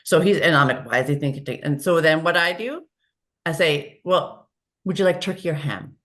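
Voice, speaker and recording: A woman talking as a podcast guest, lively and acting out the dialogue she quotes. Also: low-pitched, normal speed. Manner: animated, acts out quoted dialogue. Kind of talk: conversational interview. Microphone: video call.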